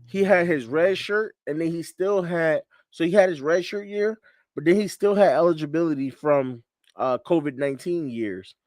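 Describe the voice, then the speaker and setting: A man's voice: fairly high pitch, normal speed, darkish tone, dry recording, studio quality. A man from Connecticut hosting a casual sports chat show, laid-back and repeating himself, laughing often. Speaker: podcast host. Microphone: studio mic on a livestream.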